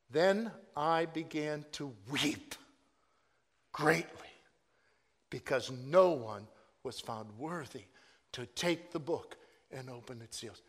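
A man preaching a sermon, swinging between loud proclaiming and hushed, drawn-out asides. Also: on the high side, long reverb tail.

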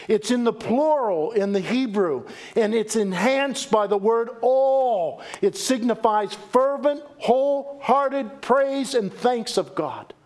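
A middle-aged man preaching a sermon as pastor, animated and folksy, with joking asides and repeated phrases. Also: very high voice, slow pace, hardly any pauses.

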